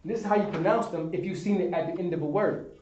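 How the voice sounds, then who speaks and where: Male instructor, fairly high voice, patient stepwise explanations, recorded from across an echoey classroom. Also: fast, a little mellow, slight background noise. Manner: explains step by step, often asks "understand?". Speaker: teacher of a Hebrew class. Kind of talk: classroom teaching at a whiteboard. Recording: echoey room, distant dull sound.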